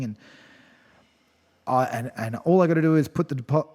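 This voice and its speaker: A man in his thirties chats loosely as a podcast guest, full of fillers, false starts and casual swearing. His voice sits at an ordinary middle pitch. A long reverb trails each phrase, as if he were recorded in a large hall. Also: brisk, a little mellow. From Australia. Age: 30s. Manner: candid and rambling, swears freely, many fillers and restarts. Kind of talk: casual storytelling chat.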